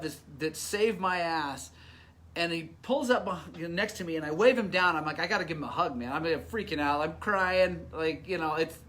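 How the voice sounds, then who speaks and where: Animated man telling a story, slightly high voice. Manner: animated, rambling, chuckling asides to listeners. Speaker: motorcycle shop show host. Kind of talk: casual live storytelling. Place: motorcycle shop before opening.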